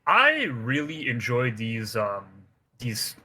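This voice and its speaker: A laid-back man co-hosts a casual podcast, chiming in with short remarks. His voice sits mid-range but moves a lot in pitch. His tone is strikingly bright. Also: wildly swooping pitch, slow, husky. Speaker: podcast co-host. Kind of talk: casual chat.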